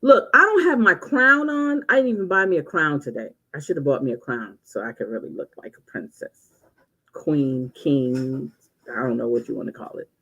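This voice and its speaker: A woman in her sixties chatting and laughing on a casual livestream, telling stories with drawn-out exclamations. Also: low-pitched, lively intonation, bright, forceful tone, breathy edge, poor audio. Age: 60s. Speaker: livestream host.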